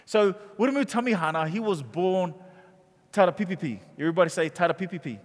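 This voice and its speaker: New pastor preaching in a hall. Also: male voice, high-pitched, lively intonation, fast. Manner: call-and-response preaching, grows loud on key points. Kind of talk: sermon. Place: church auditorium. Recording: long reverb from a large hall.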